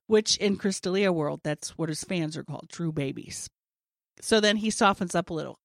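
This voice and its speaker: A woman's voice: sits low, normal speed, gravelly, no room sound, clean studio sound. A woman in her forties telling a long funny story in casual chat, acting out what people said and laughing often. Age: 40s. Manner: animated storyteller, acts out quotes, laughs often.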